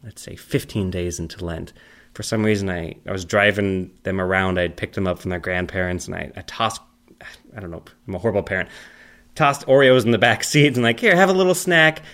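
Man, thirties, very low voice, rambling casual chat, animated storytelling. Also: brisk. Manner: rambling, animated storyteller, acts out high-pitched dialogue.

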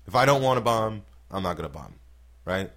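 A man's voice: fairly low pitch, brisk. A man, a stand-up comedian, telling stories in casual podcast talk, swearing freely and acting out what people said. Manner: profane, animated storytelling with acted-out quotes.

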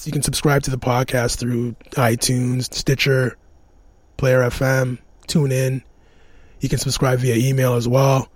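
Male podcast host, mid pitch, casual rambling storyteller, close dry mic. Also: flat delivery, a little slow, no echo. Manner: rambling, laughs often, restarts.

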